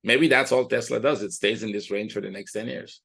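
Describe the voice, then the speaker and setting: A man's voice: fairly low pitch, fairly even intonation, a little fast, gravelly, fairly bright tone, breathy edge. A man teaching a trading lesson, walking through charts in a conversational, think-aloud way and often checking in with "right?". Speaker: trading educator. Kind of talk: chart walkthrough.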